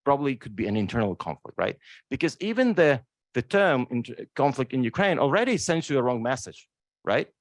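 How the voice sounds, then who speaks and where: A man's voice: medium pitch, very animated, brisk, no echo. A man speaking on a law school panel, emphatic and emotional, often asking "right?" to the audience. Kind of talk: impassioned panel talk. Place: lecture room.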